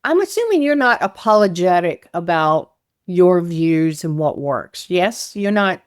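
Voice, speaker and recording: An expressive woman host interviewing a guest in a casual way, her questions broken up by laughs. Her voice sits on the low side for a woman. The sound is dry and close. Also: unhurried, no room sound. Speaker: podcast host.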